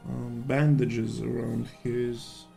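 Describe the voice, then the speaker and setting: Slow, gravelly man. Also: mid-range voice, flat delivery, mellow, faint music behind. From Serbia. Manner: rambling, thinking aloud with fillers. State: worn-out voice. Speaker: streamer drawing live. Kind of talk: casual chat while sketching.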